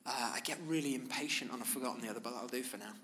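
A man preaching a sermon, speaking in measured, emphatic phrases with pauses. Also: medium pitch, background noise. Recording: long reverb of a large hall.

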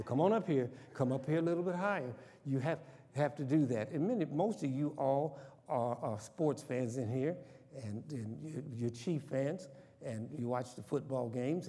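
A man's voice: medium pitch, mellow. A man preaching a sermon in a church, often asking the congregation questions and having them repeat sayings. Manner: call-and-response, asks congregation questions. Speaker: pastor. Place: church sanctuary. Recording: long reverb of a church hall.

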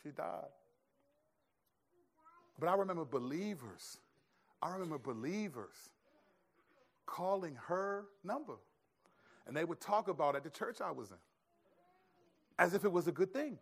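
A pastor preaching a sermon in an animated, conversational storytelling way. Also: male voice, a little high, unhurried, vocal fry, long pauses, husky.

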